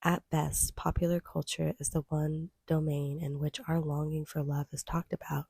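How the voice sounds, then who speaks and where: A woman reading a nonfiction book aloud in a measured, even way. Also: low voice, creaky, slightly rough, no room sound. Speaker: audiobook reader.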